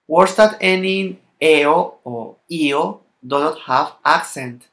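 Slow Latin American Spanish-accented male teacher. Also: a little high, a bit bright. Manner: carefully sounds out example words one by one; slightly halting non-native English phrasing. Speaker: language teacher. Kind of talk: spoken language lesson.

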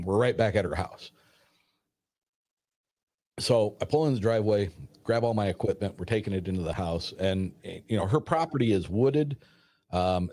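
A man casually retelling a personal story in a rambling, animated way, acting out the dialogue as he goes. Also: on the low side. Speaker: storyteller guest.

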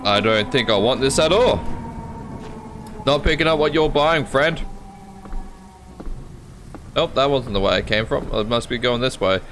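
A bit bright and mid-range, this Australian man's voice carries a faint hiss or hum. He hosts a gaming channel, jumping at scares in a horror game while swearing a lot and joking to himself.

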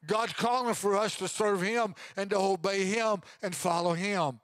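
Older guy preaching, voice sits high, goes loud then drops low, no room echo at all. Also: fairly even intonation, normal speed. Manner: swings between loud preaching and low, quiet asides. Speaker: pastor. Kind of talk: sermon.

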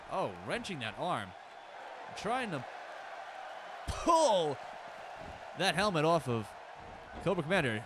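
With background noise around him, a man calls wrestling play-by-play in a loose, excitable way, cursing and cracking jokes on the side. His voice sits on the high side and sounds strained, as if he's losing it from overuse.

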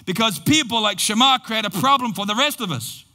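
A pastor with a high, bright voice tells a sermon story slowly and expressively, building it with dramatic pauses. His voice rings through a church hall with long reverb.

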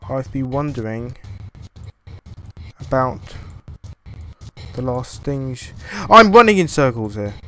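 A young man playing a horror game and commenting on it, jittery and panicky, talking to himself and sometimes humming in a sing-song way to calm his nerves. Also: mid-range voice, takes it slowly, long pauses, slight background noise. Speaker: gaming YouTuber.

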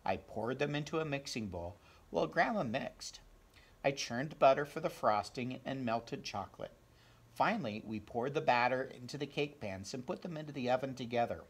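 A man reading a children's picture book aloud, counting slowly and asking the listeners questions. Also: medium pitch, lively intonation. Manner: clears throat, asks listeners direct questions, counts slowly. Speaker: storybook reader.

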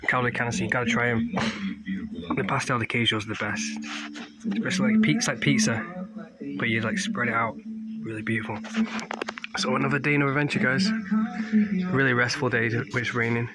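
A man from England vlogging his travels with excitement, sprinkling broken Portuguese and Spanish words into his English, outdoors in the rain. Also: mid-range voice, brisk, pauses often, heavy background noise. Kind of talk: casual travel vlog. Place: outdoors in rainy countryside.

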